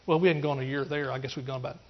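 Man, pastor from East Texas, testimony sermon, husky, muffled lo-fi recording. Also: mid-range voice, fairly even intonation, very fast. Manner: earnest, rambling with restarts, rising to emphatic preaching.

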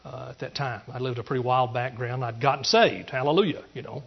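A pastor from East Texas giving an earnest testimony sermon, rambling through restarts and rising into emphatic preaching. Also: male voice, medium pitch, brisk, gravelly, slightly rough, highs cut off.

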